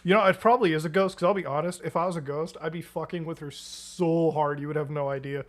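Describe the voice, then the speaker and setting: A man's voice: on the high side, steady tone, quick pace, a little hiss or hum. A man streaming, ranting casually in a rambling, profane and joking way. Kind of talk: casual reaction-stream rant.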